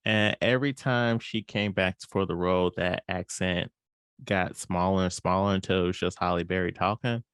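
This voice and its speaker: A man in casual chat, relaxed and playful, who often acts out quotes as he talks. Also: sits low, normal speed, clear, resonant tone, no echo, studio quality.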